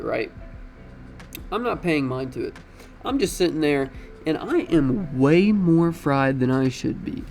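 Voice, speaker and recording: A young man telling a casual, slangy story in an animated way, swearing freely. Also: fairly high pitch, gravelly.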